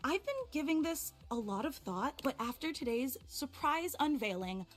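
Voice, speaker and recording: An overemotional, clingy fan from a video game, gushing and near tears. Her high voice rises and dips constantly. Soft game music plays underneath. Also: animated, moderate pace. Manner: gushing, tearful, rambling. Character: clingy, overemotional female fan with stalker habits. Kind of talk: game voice acting.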